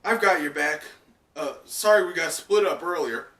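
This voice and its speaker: A man's voice: a little high, normal speed, pushed and bright, voice pushed up. A man voicing a bold, protective young woman warrior who speaks urgently. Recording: echoey room, distant mic.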